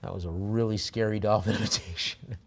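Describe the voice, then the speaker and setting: A man running a live auction. He talks through the items unhurriedly, with plenty of hesitations, then rattles off the bid amounts in a quick, rhythmic chant. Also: on the low side, steady tone, creaky. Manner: lot descriptions with many fillers, quick chanted bid calls.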